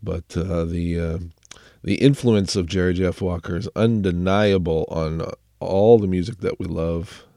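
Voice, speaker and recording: A man hosts a music radio show while clearly sick, his voice sitting a little low. He rambles casually with plenty of fillers and pokes fun at himself. The sound is dry and close, with no room echo. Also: fairly even intonation, unhurried, warm tone. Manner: rambling, filler-heavy, self-deprecating. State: sick, under the weather. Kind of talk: casual radio chat introducing songs.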